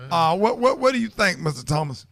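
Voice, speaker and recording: Bright, gravelly radio host. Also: male voice, sits high, sing-song, fairly quick, no room sound. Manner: playful, teasing, stammering. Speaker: radio morning show host. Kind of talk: casual chat. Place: radio studio.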